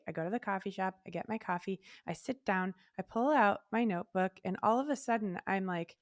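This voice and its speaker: A woman co-hosting a podcast in casual chat, telling stories in an animated way and acting out her own thoughts. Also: medium pitch, brisk, hardly any pauses, no echo, studio quality. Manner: animated storytelling, acts out her own inner voice. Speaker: podcast co-host.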